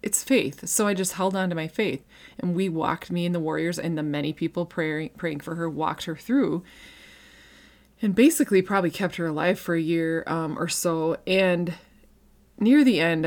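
A woman's voice: lowish voice, moderate pace, a little mellow. A woman in her thirties sharing an emotional personal faith testimony, earnest and conversational, with frequent restarts and fillers. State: emotional, near tears.

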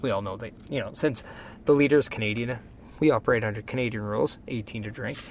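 A man's voice: mid-range voice, quick pace, slight background noise. A man, a wrestler co-hosting a casual podcast, rambling with many fillers and dry jokes. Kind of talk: casual chat.

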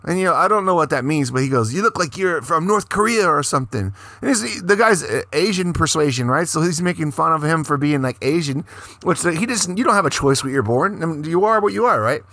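A man co-hosting a casual news podcast, talking in a heated, profane way. His voice sits a bit high and sounds bright and forceful. The sound is dry and close. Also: expressive, fast talker, dry recording. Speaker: co-host.

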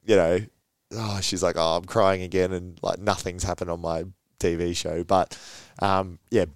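A man's voice: low-pitched, flat delivery, unhurried, dry recording. A young Australian man, a footballer and podcast guest, telling stories in an easygoing way with frequent laughs. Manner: easygoing storyteller, laughs often, many fillers. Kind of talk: casual podcast chat.

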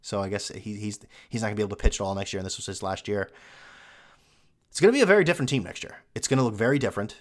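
A young man hosts a solo sports podcast, his fairly low voice coming out rapid-fire. He rants sarcastically and mockingly, mimicking the voices of fans.

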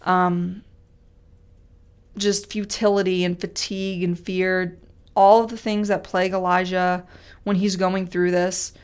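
A woman giving a devotional Bible teaching, earnest and conversational, who repeats key phrases for emphasis and reads scripture slowly and weightily. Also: on the low side, level tone, clean tone. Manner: reads scripture aloud with slow, weighty delivery. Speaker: speaker teaching a Bible study.

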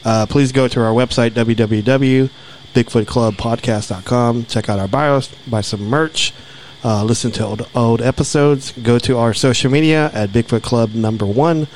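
A middle-aged man hosting a podcast, chatting and telling stories in a relaxed, laid-back way. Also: mid-range voice, normal speed, a little hiss or hum. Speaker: podcast host. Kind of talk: casual podcast chat.

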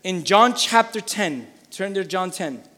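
A man preaching a sermon as pastor, fervent and repetitive, building up to shouting. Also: high voice, expressive, a little slow, big-room sound. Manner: fervent, repeats phrases for emphasis, builds to shouting.

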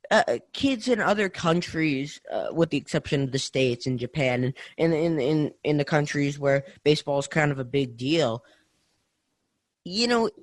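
A young man co-hosting a casual sports podcast, talking in an animated way with lots of restarts and tag questions. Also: fairly high pitch, dry recording. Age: young adult. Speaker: podcast co-host.

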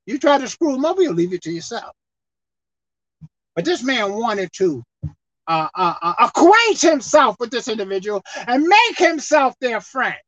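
High, lively woman preaching a sermon. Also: moderate pace, no echo. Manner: animated, swings between loud emphatic lines and low asides.

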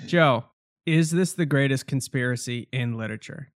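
A man's voice: mid-range voice, moderate pace. A man hosting a casual podcast, asking teasing, skeptical questions. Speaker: podcast host. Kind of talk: casual chat.

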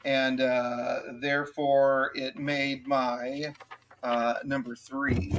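A man co-hosting a podcast, reviewing an album with many pauses and restarts but plenty of enthusiasm. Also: medium pitch, little pitch movement, fairly bright tone, a little hiss or hum. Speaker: podcast co-host. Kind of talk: casual album review chat.

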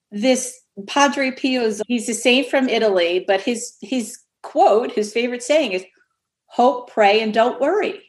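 A woman guest on a podcast, telling a rambling, animated story in casual chat. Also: a little high.

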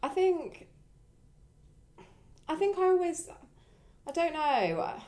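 A young woman, reflecting in casual conversation in a rambling way, jumping up high when she quotes people. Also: big pitch swings, slow pace, a little mellow. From England.

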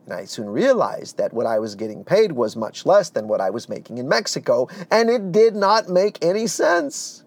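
A man telling his life story as a testimony, earnest and animated, dropping to a hush at heavy moments. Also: on the high side, normal speed, few pauses, no echo. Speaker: speaker giving a personal testimony.

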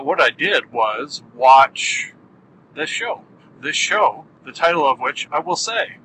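A man's voice: medium pitch, pushed and bright, a little hiss or hum, rough recording. A man hosting his own podcast alone, talking in a playful, self-mocking way full of jokey asides. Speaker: podcast host. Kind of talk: solo podcast monologue.

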